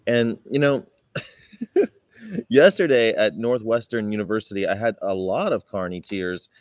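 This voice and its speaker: A man's voice: fairly low pitch, unhurried, no room sound. A man from California vlogging casually about his street activism, rambling and acting out his run-ins. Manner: rambling storyteller, acts out confrontations in raised voices. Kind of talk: casual talking-to-camera vlog.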